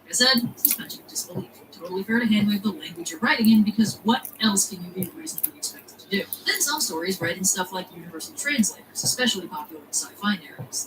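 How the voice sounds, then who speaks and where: A woman's voice: mid-range voice, background noise. A woman narrating a scripted video essay with a wry, jokey way of talking.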